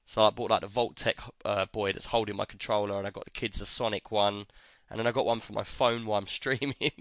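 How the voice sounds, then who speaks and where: A man's voice: on the low side, fast talker, no echo, dull audio. A man, chatting casually on a podcast and acting out the lines of people in his stories. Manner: animated storyteller, acts out others' lines. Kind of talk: casual chat.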